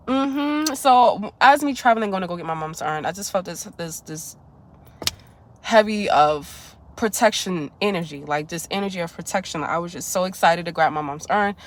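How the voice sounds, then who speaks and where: A young woman tells a personal story straight to her viewers in a casual vlog. She talks candidly and with feeling, swearing freely as she goes, at an everyday middle pitch for a woman. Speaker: vlogger.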